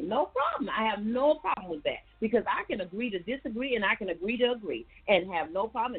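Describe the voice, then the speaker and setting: A woman's voice: mid-range voice, slightly rough. A woman hosting a call-in radio talk show, speaking in a folksy, casual way and often calling her listeners y'all. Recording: tinny phone-like radio line.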